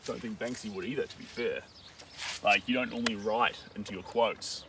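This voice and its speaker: A man chats casually on a live stream while painting a dog portrait, rambling and joking as he thinks out loud. His fairly low, steady-toned voice is a little fast, picked up by a distant mic with outdoor noise.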